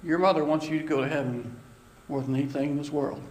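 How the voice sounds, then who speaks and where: A man's voice: fairly high pitch, fast talker, echoey room, a little hiss or hum. A man preaching an earnest sermon from a church pulpit, closing in prayer.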